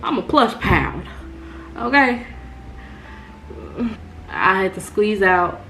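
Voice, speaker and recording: A young woman, telling her viewers a story in an animated storytime vlog and calling them y'all. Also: medium pitch, slow, gravelly, soft background music. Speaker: vlogger.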